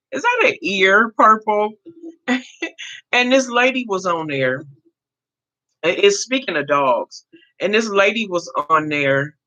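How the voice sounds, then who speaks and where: A woman in her fifties hosts a casual livestream, chatting freely and answering viewer comments by name. Her voice swings widely in pitch and has a bright, forward edge. The stream audio comes through muffled and lo-fi. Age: 50s. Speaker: livestream host. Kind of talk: casual live chat.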